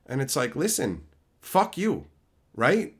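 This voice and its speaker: A man's voice: mid-range voice, huge pitch swings, slow pace, breathy edge. A man hosting a livestream, ranting bluntly and swearing constantly as he answers chat and acts out both sides of an argument. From America. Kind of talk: casual profane livestream rant.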